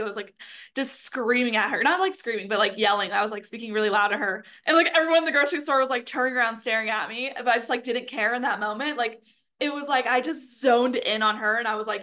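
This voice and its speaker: A young woman with a somewhat high voice tells a personal story. She talks casually and chattily, scattering "like" and "um" through her sentences. The delivery is loose and conversational. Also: brisk, sharp tone. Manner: chatty, filler-heavy, with frequent "like". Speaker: spiritual content creator.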